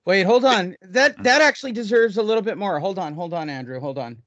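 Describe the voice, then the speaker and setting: Excitable bright-voiced male podcast host. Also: high-pitched, no room sound, muffled recording. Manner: excitable, joking, quick to interrupt. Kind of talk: casual boxing talk. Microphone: headphones, podcast mic.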